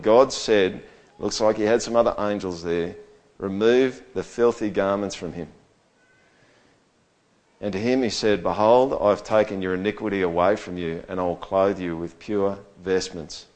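A man preaching a sermon in a conversational way, often checking in with his listeners and swinging between quiet, low stretches and loud, high bursts. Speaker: pastor.

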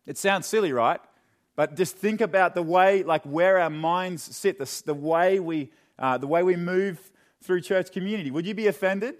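A young man preaching a sermon in a church, chatty and joking, then dropping into quiet, earnest questions. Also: sits high, normal speed. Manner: conversational and joking, with sudden drops to quiet earnestness. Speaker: pastor. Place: church hall.

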